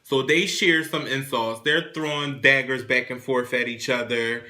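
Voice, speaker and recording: Young guy w a really bright edgy voice, fast chatty tv recap, swears a lot. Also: mid-range voice. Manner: animated, profane, chatty storytelling. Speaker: show host reviewing a TV drama. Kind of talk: casual TV episode recap.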